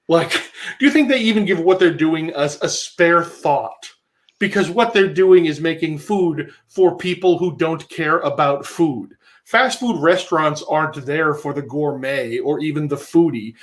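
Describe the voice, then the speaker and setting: A man's voice: a little high, measured pace. A man co-hosting a livestream, giving sarcastic, mocking comedic commentary on a video clip. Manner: sarcastic, ranting, acts out voices. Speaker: livestream co-host.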